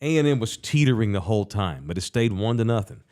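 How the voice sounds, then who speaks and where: A man's voice: fairly low pitch, lively intonation, fast, darkish tone. Brief: middle-aged man hosting a sports talk podcast, casual and profane. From Texas. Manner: rambling, profane storytelling. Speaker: podcast co-host. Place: bar studio.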